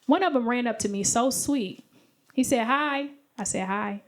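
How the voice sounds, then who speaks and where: A young woman performing a stand-up comedy set, animated and acting out the voices of the people in her stories. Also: on the high side, normal speed. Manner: animated, acts out voices of men and friends. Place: comedy stage. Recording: live show with audience laughter.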